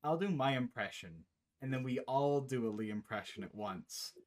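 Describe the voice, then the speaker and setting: Young male host and game master; loose, rambling, animated storyteller on a call. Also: medium pitch, normal speed. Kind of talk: casual chat, recapping a campaign. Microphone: online call.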